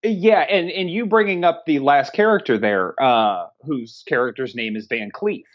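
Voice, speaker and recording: A man trades sarcastic, foul-mouthed jabs in a casual film chat. His voice is a touch high and comes through dull and lo-fi, with the top end muffled. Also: normal speed. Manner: sarcastic, profane banter. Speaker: podcast co-host, movie reviewer.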